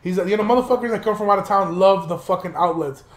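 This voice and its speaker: A man's voice: high-pitched, quick pace, roomy sound. A young man hosting a podcast, telling a rambling, profane story in a casual monologue and laughing now and then. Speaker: podcast host.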